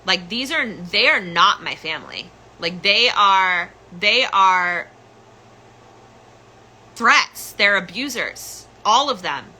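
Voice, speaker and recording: A woman's voice: medium pitch, expressive, slow pace, pushed and bright, rough recording. A woman hosting a podcast, telling a personal story in an urgent, candid way with many restarts. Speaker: podcast host telling her own story.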